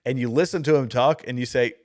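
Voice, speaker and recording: A man's voice: mid-range voice, fast, darkish tone. Man rambling through political commentary. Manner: rambling, with frequent restarts and asides. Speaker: livestream host. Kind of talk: casual political commentary reading chat comments.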